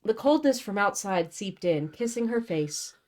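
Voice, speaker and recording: A woman's voice: mid-range voice, animated, normal speed. A young woman hosting a show, reading a novel aloud and breaking off for blunt, sarcastic commentary. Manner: sarcastic, blunt, swears casually.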